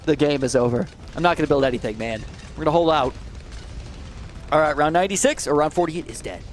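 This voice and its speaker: A young man commentating his gameplay, swinging between low mutters and high, alarmed shouts. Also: animated, fast, slight background noise. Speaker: gaming commentator.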